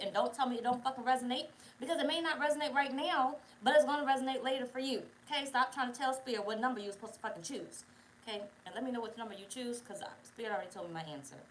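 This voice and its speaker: A woman's voice: high voice, slight background noise, low-quality recording. A young woman hosting a casual tarot livestream, chatty, profane and digressive, bossing her viewers around. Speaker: tarot reader, channel host.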